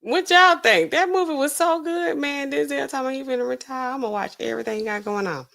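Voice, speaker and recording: Bright-voiced woman chatting to her live stream. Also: sits high, quick pace, vocal fry. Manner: chatty, laughs often, talks straight to the chat; loose, slangy, rambling asides. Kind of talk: casual live-stream chat.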